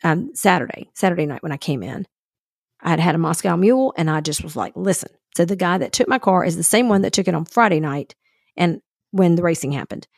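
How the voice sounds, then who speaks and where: A podcast co-host with a lowish, creaky voice tells a story fairly quickly in casual conversation. She acts out the other people's lines as an animated storyteller, in a studio-quality recording with no echo.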